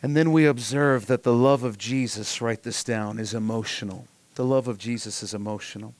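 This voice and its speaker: Male preacher, earnest sermon delivery, soft emphatic drops, dry close recording. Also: medium pitch, steady tone, moderate pace, dry recording. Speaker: pastor.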